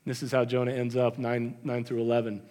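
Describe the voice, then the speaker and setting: A man's voice: medium pitch, completely flat delivery, a little fast, warm tone. A man preaching a sermon as pastor, conversational with emphatic repetition. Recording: long hall reverb.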